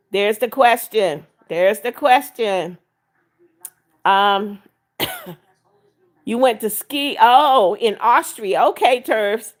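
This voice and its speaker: An older woman with a fairly high voice hosts a live stream. She reads viewers' comments aloud and greets each person by name. She turns firm and scolding when someone breaks her rules. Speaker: livestream host. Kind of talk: live chat reading.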